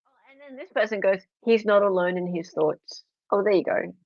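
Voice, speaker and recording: A woman's voice: mid-range voice, lively intonation, a little fast, dry recording, lo-fi sound. A woman from Australia hosting a casual live-stream chat, reading comments aloud and teasing with frequent laughs. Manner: chatty, teasing, laughs often. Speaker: stream host.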